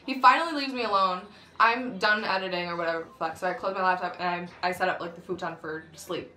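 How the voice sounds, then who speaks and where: A woman's voice: lowish voice, fast talker, bright, forceful tone. A young woman telling a dramatic storytime on her vlog, swearing often and laughing as she goes. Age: young adult. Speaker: vlogger. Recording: roomy echo.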